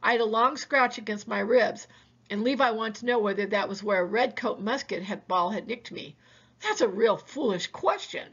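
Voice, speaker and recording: A woman, a teacher, reading a novel aloud for her students in a plain, unhurried way, with small slips she corrects. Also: mid-range voice, lively intonation, a bit bright, slightly rough, muffled recording.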